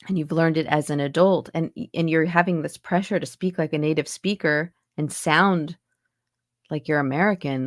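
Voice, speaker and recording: Low-voiced chatty woman accent coach. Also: no echo, clean studio sound. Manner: chatty, lots of fillers and restarts. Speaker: accent and dialect coach, guest. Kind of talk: casual interview chat. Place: home in Montreal, on a video call.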